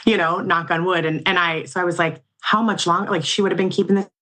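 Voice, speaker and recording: A woman's voice: fairly low pitch, steady tone, fast, a bit bright. A woman in her forties, a guest in a casual interview, talking in an earnest, reflective and slightly emotional way. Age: 40s.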